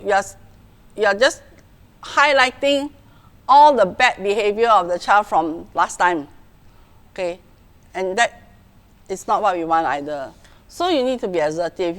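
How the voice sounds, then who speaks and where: A middle-aged woman with a Singaporean English accent gives a virtual parenting talk as a school principal, speaking over a video call at a middle pitch. She keeps checking in with her listeners, saying "okay" and "right" again and again. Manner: frequent "okay" and "right" check-ins, acts out parent voices.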